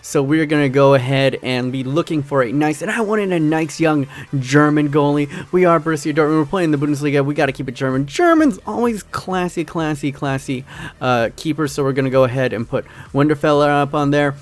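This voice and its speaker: A man's voice: on the high side, fairly even intonation, fast talker. A young American man giving upbeat, jokey commentary on his football video game to his viewers. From United States. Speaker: gaming YouTuber. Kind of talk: casual gameplay commentary.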